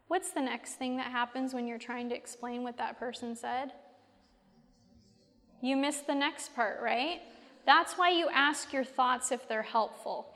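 A woman's voice: high-pitched, steady tone, normal speed, a bit bright, long reverb tail. A woman giving a faith-based teaching talk, conversational and full of rhetorical questions aimed at her listeners.

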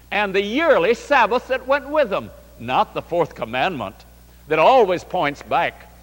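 Male preacher, sermon, animated storytelling, high voice, long hall reverb. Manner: animated storytelling, addresses the congregation.

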